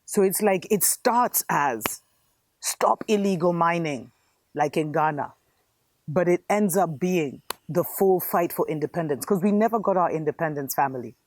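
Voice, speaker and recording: Fervent woman host, low voice. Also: animated, moderate pace, a little hiss or hum. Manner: fervent, preachy, addresses viewers as family. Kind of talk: impassioned spiritual commentary monologue.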